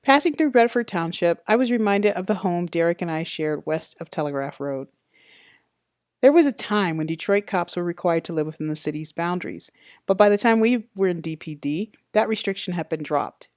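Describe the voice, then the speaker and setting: A woman reading a first-person detective novel aloud in a steady, matter-of-fact way. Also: on the low side, normal speed, no room sound, clean studio sound. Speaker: audiobook narrator. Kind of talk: first-person audiobook narration.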